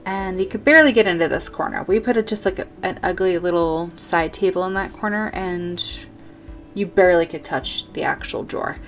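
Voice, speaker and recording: A woman's voice: on the low side, fairly quick, faint music behind. Rambling woman narrating a game build. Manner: rambling, self-correcting, thinking aloud. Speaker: gaming video creator. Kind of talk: casual commentary while building in a game.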